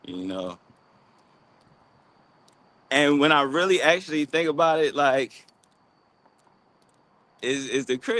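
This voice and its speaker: A man's voice: fairly high pitch, lively intonation, measured pace, long pauses, fairly bright tone. A man from Baltimore with a Baltimore accent, chatting loosely and slangily on a livestream while out walking. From Baltimore, USA. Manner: loose, rambling, slangy, with many fillers. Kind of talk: casual livestream chat. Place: outdoors, walking.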